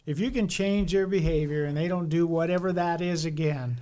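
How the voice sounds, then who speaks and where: A man's voice: fairly high pitch, fairly quick, mellow. A middle-aged man, a former fire chief, telling workplace stories in casual podcast talk and acting out both sides of the conversations.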